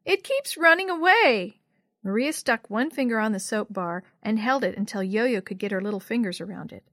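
A woman narrating a children's storybook with a clear, steady read-aloud delivery. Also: medium pitch, fairly quick, no room sound, clean studio sound.

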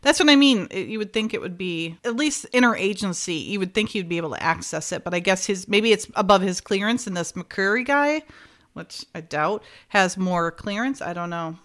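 A woman's voice: medium pitch, animated, normal speed, a bit bright. A woman hosting a casual chat, retelling an episode scene by scene, laughing often and acting out the characters' lines. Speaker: podcast host recapping a TV episode.

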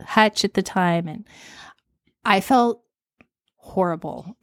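A woman in her thirties co-hosting a podcast, telling stories in a casual, animated way and laughing often. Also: mid-range voice, takes it slowly, no room sound, studio quality. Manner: animated storytelling, laughs often, acts out panicked quotes. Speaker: podcast co-host. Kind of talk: casual chat.

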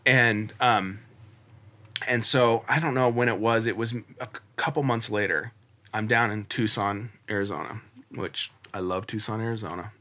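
Speaking at a moderate pace in a lowish, steady voice that sounds pushed and bright, this man in his forties guests on a podcast. He rambles earnestly through a personal story, restarting often and using plenty of fillers in the casual interview.

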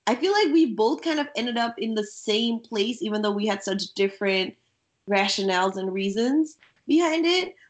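A woman's voice: fairly high pitch, animated, normal speed. A woman from Bangladesh hosting a podcast, teasing her guest and telling her own story candidly. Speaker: podcast host. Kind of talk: casual chat.

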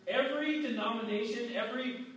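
A man preaching a casual, animated sermon with restarts, acting out quoted voices. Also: very high voice, a little fast. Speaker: pastor. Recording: very echoey hall, mic far off.

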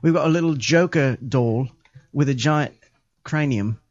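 A man's voice: medium pitch, measured pace, dry recording. A man hosting a casual podcast, loose and jokey, with plenty of ums. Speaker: podcast host. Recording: dull lo-fi audio.

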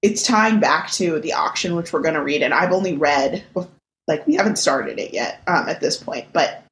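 A woman's voice: low voice, animated, normal speed. A woman co-hosting a podcast in casual chat, rambling with many fillers and restarts over a video call. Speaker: podcast co-host.

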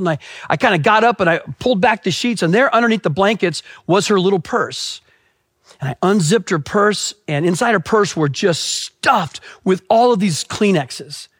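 A man's voice: fairly high pitch, dry recording, clean studio sound. A middle-aged man, a pastor preaching a sermon, telling a family story with emphatic repetition and acted-out quotes. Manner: emphatic storytelling, repeats key phrases, acts out quotes.

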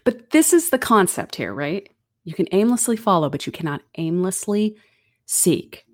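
A woman's voice: lowish voice, expressive, normal speed, a little mellow, no room sound, studio quality. A middle-aged woman giving a conversational, earnest Bible teaching with casual asides.

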